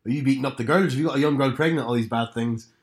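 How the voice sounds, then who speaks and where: A brash middle-aged Northern Irish mum, as a man puts her on, firing off blunt, scolding questions in a broad local accent. The voice sits at an everyday male pitch. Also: racing, lightly acted.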